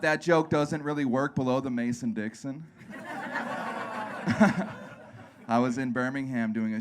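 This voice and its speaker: Animated, crude stand-up comedian, a man. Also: a little high, a little hiss or hum. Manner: animated, self-deprecating, crude, acts out other people's voices. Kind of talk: live stand-up set. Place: comedy club stage.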